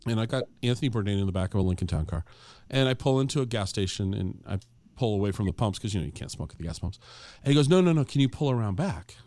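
A man's voice: lowish voice, fast, no echo. A middle-aged man telling a long anecdote in a casual, conversational way, acting out the dialogue as he goes. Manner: animated, acts out quoted dialogue; conversational, with fillers and restarts. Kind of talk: casual storytelling.

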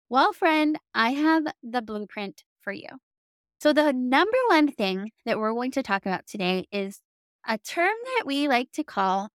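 A young Southern American woman with a high, fairly bright voice works as a business coach, teaching casually to camera in a chatty, upbeat style and saying "like" a lot. The studio audio is clean, with no room sound.

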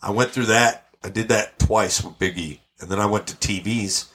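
A man's voice sitting on the low side, at a moderate pace, belongs to a podcast guest. In casual conversation he animatedly tells brash stories full of profanity.

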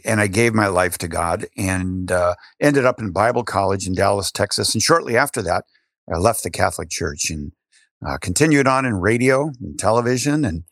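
An older man with a lowish voice tells a personal story as an interview guest. He speaks with animation and often restarts his sentences. The recording is dry and close, with no room sound. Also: no echo.

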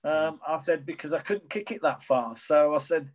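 A middle-aged man, once a professional footballer, talks through his answers in loose, rambling sentences, circling back with constant fillers. His voice sits a little high for a man. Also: normal speed, poor audio. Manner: rambling, many restarts and "you know". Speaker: former professional footballer guest. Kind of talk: casual interview answers.

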